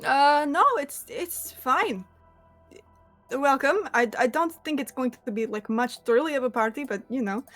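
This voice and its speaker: A woman's voice: sits high, normal speed, a bit bright, faint music behind. A woman doing a flustered stammering lounge host. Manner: awkward, stammering welcome.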